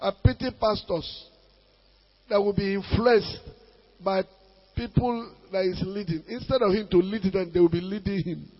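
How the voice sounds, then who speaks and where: Nigerian pastor guy preaching, very high husky voice, big reverb, dull sound. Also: steady tone, moderate pace. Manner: emphatic preaching with sudden loud bursts. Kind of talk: sermon.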